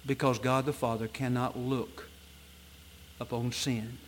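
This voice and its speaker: A man preaching an evening sermon in a church, reading scripture in old-fashioned wording and swinging between loud emphatic peaks and low, soft passages. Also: flat delivery, unhurried, slight background noise. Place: church sanctuary at an evening service.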